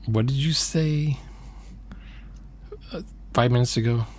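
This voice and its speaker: A man co-hosting a stream who talks slowly and rambles in casual chat. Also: medium pitch, a little mellow, slight background noise. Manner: slow, rambling talker. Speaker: stream co-host.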